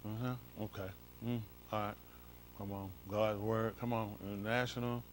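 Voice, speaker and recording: A man's voice: on the low side, level tone, measured pace. Coaxing male pastor, faint background hiss. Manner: coaxing, repeats "come on" while directing someone scrolling. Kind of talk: informal Bible study, comparing translations.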